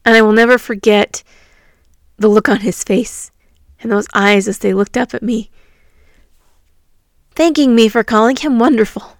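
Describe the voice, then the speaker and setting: A woman, a teacher, telling a personal story from her classroom in a reflective, earnest way, pausing often. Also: fairly high pitch, steady tone, no room sound, clean studio sound. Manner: reflective, earnest, with pauses and fillers.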